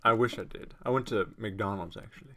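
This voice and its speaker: A young man casually commentating his own gameplay at home on a desktop microphone, rambling and self-mocking with sudden excited outbursts. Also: lowish voice, a little fast, vocal fry. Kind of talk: casual let's-play commentary. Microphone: desktop USB microphone.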